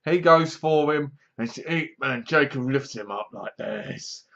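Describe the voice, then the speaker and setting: A man's voice: fairly high pitch, expressive, a little slow, pushed and bright. A man giving a casual spoken review of a horror movie, sarcastic and mocking, acting out scenes as he goes. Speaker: film reviewer. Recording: dull lo-fi sound.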